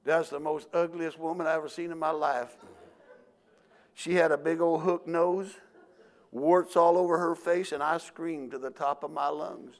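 A man's voice: fairly high pitch, fairly even intonation, moderate pace, crowd noise. Older male pastor, folksy storyteller, acts out voices mid-sermon.

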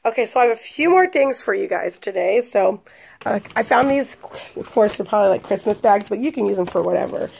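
A young woman chatting excitedly to her viewers about cheap finds in a casual shopping haul video. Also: medium pitch, fairly quick, vocal fry, a little hiss or hum. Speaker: vlogger.

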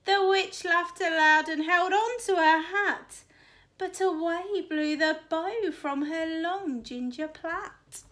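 A woman's voice: very high-pitched, slow pace, fairly bright tone. A woman teacher reading a rhyming picture book aloud to children, with a sing-song rhythm. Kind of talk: expressive storybook read-aloud.

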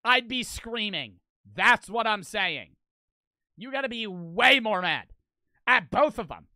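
A young man riffing casually on a live stream, profane, blunt and animated as he reacts to a video and reads out donations. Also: high voice, slow, no echo.

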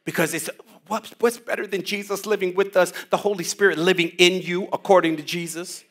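High-voiced man preaching energetically. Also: fairly quick. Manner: energetic, slangy, call-and-response preaching. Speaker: pastor leading Bible study. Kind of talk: lively Bible study teaching. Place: church room with a group. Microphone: headset.

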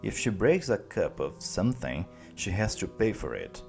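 A man's voice: fairly low pitch, big pitch swings, moderate pace, vocal fry, a little mellow, faint music behind. A man voicing a blunt, matter-of-fact American father in a read-aloud story. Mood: dry.

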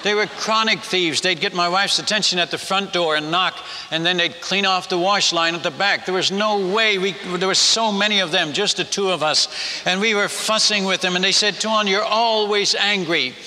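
Older Dutch-accented man, folksy storytelling preacher, fairly high voice, faint hiss behind. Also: moderate pace, pushed and bright. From Netherlands. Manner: folksy, humorous, with many restarts. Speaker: missionary speaker. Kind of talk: storytelling sermon. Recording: long hall reverb with faint noise.

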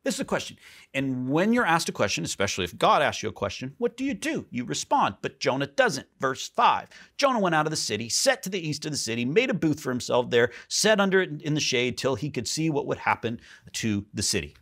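Animated man preaching a sermon. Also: fairly quick. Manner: animated, rises high for emphasis and drops soft. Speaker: pastor. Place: church.

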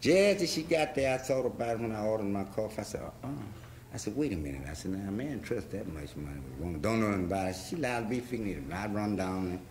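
A man's voice: fairly low pitch, animated, fast talker, darkish tone, reverberant, a little hiss or hum. A man telling a rambling story in a loose drawl, talking blues over guitar. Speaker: blues singer. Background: electric guitar playing.

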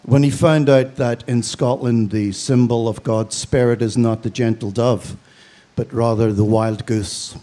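Northern irish guy doing a funny eulogy, dark mellow voice, dry jokes. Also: mid-range voice, steady tone, measured pace, hardly any pauses. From Belfast, Northern Ireland. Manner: storytelling with dry humor. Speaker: funeral speaker.

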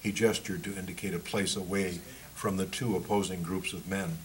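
Low-voiced man reading his book. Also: fairly even intonation, moderate pace, low-quality recording.

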